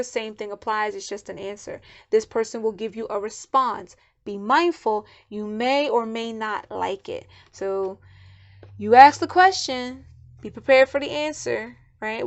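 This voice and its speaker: A woman talks through oracle cards in a relaxed, chatty way, with plenty of fillers and little asides. Her voice sits at a middle pitch. She explains each card loosely as she goes. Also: highs cut off. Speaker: oracle card reader and deck creator. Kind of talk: casual card reading and deck walkthrough.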